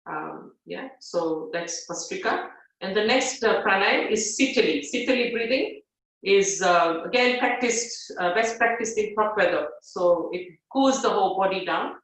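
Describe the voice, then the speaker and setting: A female yoga teacher guides a breathing practice in a medium-pitched, unhurried voice, gently instructing and often checking in with a soft "yeah?" and fillers between steps. It's a live class recorded on a device set back from her, so she sounds distant in a very echoey room.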